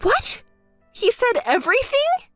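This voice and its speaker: A woman putting on a shrill spoiled gold digger. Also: huge pitch swings, measured pace, fairly bright tone, faint music behind, heavily acted. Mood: whiny frantic. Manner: whiny, shrill, throws tantrums. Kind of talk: dramatized texting story.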